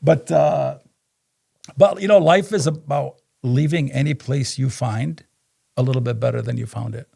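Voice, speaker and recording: A man guesting on a podcast, swapping business stories in a relaxed interview. His voice has a husky, gravelly texture. He tells anecdotes with energy and acts out what others said. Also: mid-range voice, moderate pace. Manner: animated storyteller who acts out dialogue. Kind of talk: casual interview storytelling.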